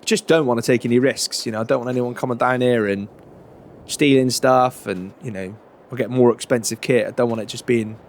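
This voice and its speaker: A man's voice: medium pitch, steady tone, a little fast, slight background noise. A middle-aged man chatting casually as a farmer character in a roleplay game, with a lot of fillers and plenty of "mate" and "proper chuffed".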